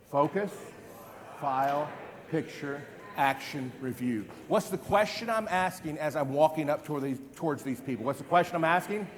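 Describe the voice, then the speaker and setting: A man in his fifties giving an energetic live stage demonstration as a memory trainer, quizzing the audience with repeated questions. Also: a little high. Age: 50s. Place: large event hall. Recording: long hall reverb.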